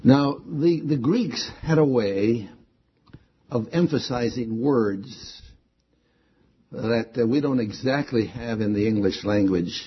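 Male preacher with a husky, somewhat high voice, punching repeated key words; dull lo-fi recording. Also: slow pace. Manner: emphatic, repeats key words with rising stress. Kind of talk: sermon.

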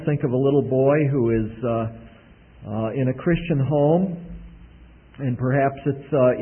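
A man preaching a sermon in a homey storytelling manner, often clearing his throat, with a husky voice. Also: mid-range voice. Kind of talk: sermon with a told illustration. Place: church service. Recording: tinny phone-like recording.

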